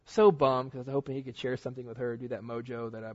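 A man preaching a sermon, telling personal stories in a casual, slangy, animated way. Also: mid-range voice, fast talker. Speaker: pastor. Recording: dull lo-fi recording.

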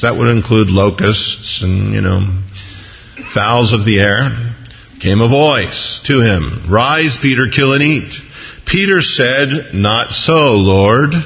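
A man's voice: a little high, long reverb tail, dull audio. A man preaching a sermon in a conversational, humorous way, acting out the people he quotes. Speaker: pastor.

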